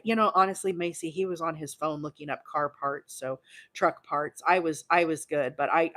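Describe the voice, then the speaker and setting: A woman in her forties from Alabama hosts a casual crochet livestream, chatting with her viewers as she demonstrates. Her voice is low, and her manner bubbly and excitable.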